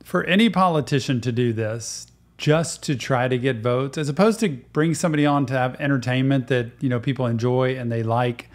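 A man's voice: mid-range voice, a little fast, few pauses. A man who works as a therapist, hosting a casual reaction show and giving earnest advice. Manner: earnest, advising.

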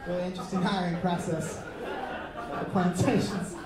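A man's voice: high voice, little pitch movement, moderate pace, over a noisy crowd, heavy background noise. Loose-talking young male stand-up comic. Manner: loose, chatty delivery with many fillers and acted asides. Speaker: stand-up comedian. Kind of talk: stand-up comedy set. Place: comedy club stage before a live audience. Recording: roomy club sound, far mic, audience. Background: audience laughter.

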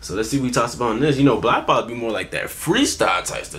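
A man's voice: mid-range voice, sing-song, fast talker, hardly any pauses, fairly bright tone. Male reaction vlogger, easygoing and slangy, mid-range voice, chatty delivery. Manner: laid-back, slangy, chatty. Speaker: reaction video host. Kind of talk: casual reaction commentary.

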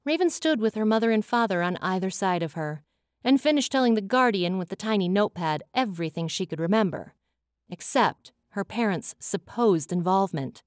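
A woman narrates a scripted fantasy audiobook with an expressive, dramatic lilt, her voice at an ordinary middle pitch. The recording is completely dry and close-miked.

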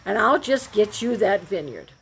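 A woman's voice: medium pitch, sing-song, moderate pace, husky, full character voice. A woman voicing a scheming evil queen who gives orders, in a children's Bible story. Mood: bossy. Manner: bossy, commanding.

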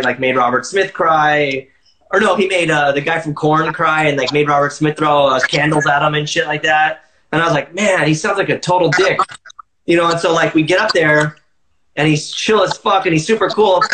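A man's voice: on the high side, reverberant, background noise. A man guest telling a casual story in an interview, rambling with lots of filler words and swearing freely. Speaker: musician guest. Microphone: livestream phone or video call.

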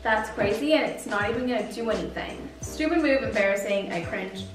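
A woman's voice: medium pitch, expressive, a little fast. A young adult woman, tipsy and giggly, telling stories with animation in a casual chat between friends at home. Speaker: guest, best friend. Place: indoors at home. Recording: echoey room, from far off, music behind.

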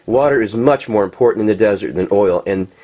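A man giving impassioned, rambling commentary while showing pictures, swearing and filling pauses with ums and uhs. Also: on the low side, mellow. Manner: heated, rambling, swearing, many fillers. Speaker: political commentator.

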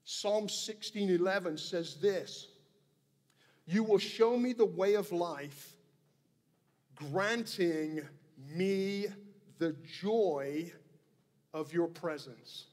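A man preaching with real conviction, his voice sitting high for a man. He lands each point slowly and deliberately. His words hang in the long echo of a church hall. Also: a little mellow. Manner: earnest, emphatic preaching with repeated phrases. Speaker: pastor. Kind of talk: sermon. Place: church sanctuary.

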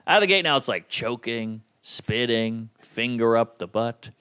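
A man doing a stand-up comedy set on a club stage, with a wry, incredulous delivery that jumps into high voices for bits. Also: lively intonation, measured pace, bright, forceful tone, smooth.

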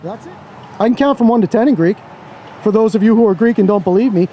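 A man's voice: high voice, quick pace, mellow, slight background noise. A man filming outdoors as a First Amendment auditor, giving blunt, sarcastic, casual commentary to his camera with some swearing. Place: outdoors by a parking lot.

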